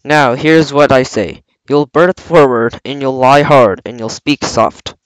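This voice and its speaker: A man's voice: mid-range voice, unhurried, clean tone, no echo, close to an everyday voice, rough recording. A man reading aloud, voicing a scheming older pirate cook with a coaxing, blustering sailor manner.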